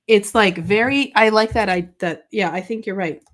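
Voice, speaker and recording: A woman's voice: mid-range voice, normal speed. A chatty, bubbly woman hosting a live-streamed papercraft demo, answering viewer comments as she works and joking about herself. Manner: chatty, bubbly, self-deprecating, reads viewer comments aloud. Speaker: craft show host.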